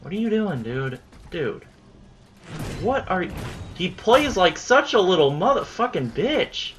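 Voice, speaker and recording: A man's voice: high voice, sing-song, a little slow, fairly bright tone, soft background music. A young man giving casual commentary on his own gameplay, frustrated, swearing and muttering at the enemy.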